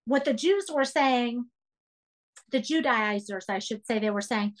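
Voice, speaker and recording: A woman's voice: high voice, a little slow. A woman leading a Bible study for women, speaking earnestly and emphatically and urging listeners to take notes.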